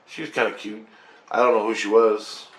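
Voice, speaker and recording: A man with a fairly low voice tells a rambling personal story, excited, swearing freely and tripping over his own sentences. His voice rings in an echoey room. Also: moderate pace. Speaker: vlogger recounting a spiritual experience.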